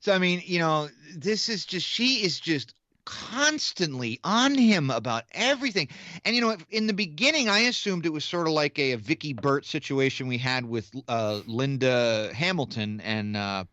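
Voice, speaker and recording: A man's voice: fairly high pitch, expressive, moderate pace, bright, forceful tone, dry recording, muffled recording. A man co-hosting a film podcast, playful and laughing, with fillers between his thoughts. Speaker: podcast co-host. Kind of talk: casual film review chat.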